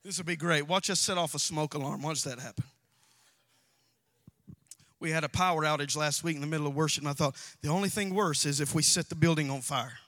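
A male pastor preaching a sermon in a church, swinging from loud shouted passages to quiet, low asides. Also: brisk. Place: church sanctuary.

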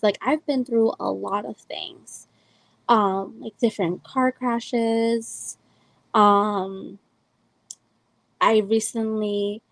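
A Salvadoran podcast host in her twenties wanders through a personal anecdote, her speech packed with "like" and "um." She has a medium-pitched voice, and the audio is dry and low in quality.

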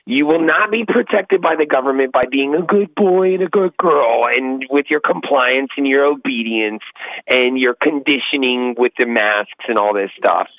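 A man's voice: medium pitch, moderate pace, no room sound. A male podcast co-host talking politics and exhorting listeners in a preachy way, on dull lo-fi audio. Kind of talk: casual political talk.

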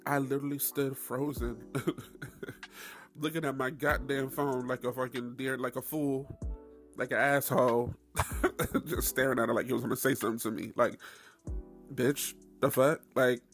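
A man hosting his own podcast, telling a story in a loose, profane, animated way with frequent laughs. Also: mid-range voice, moderate pace, long pauses, faint music behind. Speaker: podcast host. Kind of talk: casual solo podcast monologue.

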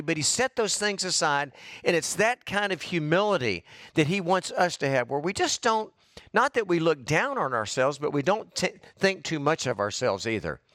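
A man's voice: on the high side, fairly bright tone, dry recording, studio quality. Fired-up preacher man. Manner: fired up, fervent preaching with exclamations. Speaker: pastor. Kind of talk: sermon.

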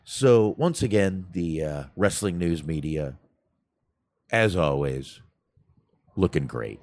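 A man with a very low voice that swings up and down with plenty of life. He co-hosts a casual podcast chat, rambling along with self-deprecating, crude humor. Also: lively intonation, slow, darkish tone, no room sound. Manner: salty, profane humor. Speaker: podcast co-host.

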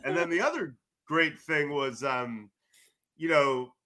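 A middle-aged man from California talks loudly and eagerly as a podcast guest, restarting his sentences as the stories tumble out. His voice sits a little high and rings bright and forceful. He rambles between anecdotes in a casual, animated way. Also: slow. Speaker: sports journalist guest.

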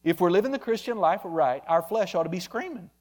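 Man, preacher, emphatic sermon delivery, slightly high voice. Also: fast talker, a little mellow. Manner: emphatic, addresses listeners by name.

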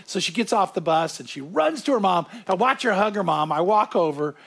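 Male pastor preaching to a small room of listeners, earnest and animated, voice sitting a bit high, words tumbling over restarts. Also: fairly quick, gravelly. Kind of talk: sermon.

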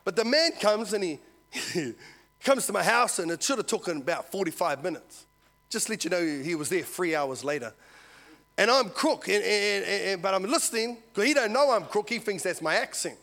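Animated New man preaching. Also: high-pitched, moderate pace. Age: 40s. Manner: animated storyteller, swings from soft personal words to loud exclaiming. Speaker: lay preacher. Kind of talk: prophetic ministry and testimony.

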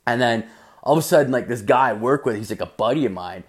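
A man's voice: medium pitch, animated, fast talker, breathy edge. A young man telling a rambling work story in a casual rant, swearing constantly and leaning on "like".

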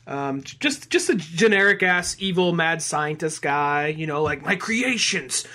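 A man's voice: a little high, normal speed, pushed and bright. A man co-hosting a podcast, talking in a laid-back, casual way, swearing and trailing off mid-sentence. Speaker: podcast co-host. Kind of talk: casual chat.

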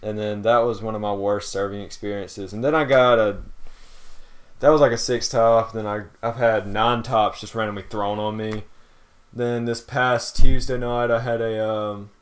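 A man's voice: on the low side, fairly even intonation, normal speed. A young man co-hosting a podcast, telling a work story in casual chat and acting out customers in quotes. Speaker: podcast co-host.

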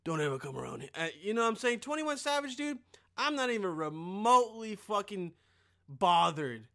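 Profane rambling young podcast host. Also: male voice, sits high, very animated, normal speed, vocal fry, fairly bright tone. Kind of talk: casual podcast monologue.

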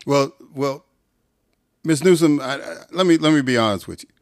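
A man's voice: mid-range voice, moderate pace, no room sound. Male podcast host, conversational and wry, with sarcastic jokes, close dry sound. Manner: sarcastic, joking asides. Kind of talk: conversational interview.

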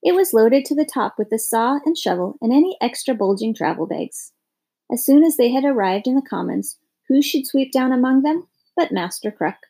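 Gravelly, mellow woman reading a storybook. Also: on the high side, lively intonation, moderate pace. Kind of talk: scripted storybook narration.

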